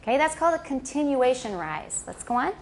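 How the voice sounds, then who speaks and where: A woman's voice: sits high, sing-song, brisk, a little hiss or hum. A woman lecturing on linguistics in a classroom, stopping to correct and model pronunciation for her students. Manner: corrects and models pronunciation, switches into Mandarin for glosses.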